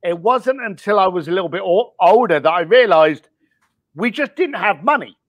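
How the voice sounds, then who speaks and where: Blunt high-voiced man, mixed East London accent. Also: lively intonation, normal speed, no echo. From East London, England. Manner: candid, blunt, with mild swearing and frequent ums. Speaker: guest. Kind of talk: casual podcast interview.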